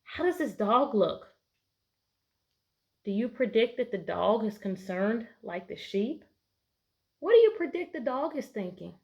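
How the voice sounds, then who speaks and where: A woman's voice: fairly high pitch, sing-song, a little slow, pauses often, highs cut off. A woman teacher reading a picture book aloud to her class, patiently asking prediction questions between pages. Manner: bright, playful voices for story animals.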